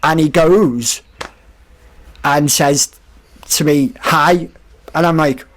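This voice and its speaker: Speaking slowly in a slightly high register, a man relates a casual anecdote as a podcast guest. He tells it with energy and puts on voices for the people he quotes.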